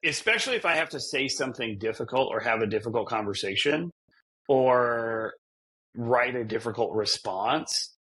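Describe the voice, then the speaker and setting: A man's voice: mid-range voice, lively intonation, normal speed, sharp tone, husky. A man co-hosting a podcast, chatting casually in a rambling, self-deprecating way and laughing often. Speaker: podcast co-host. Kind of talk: casual chat.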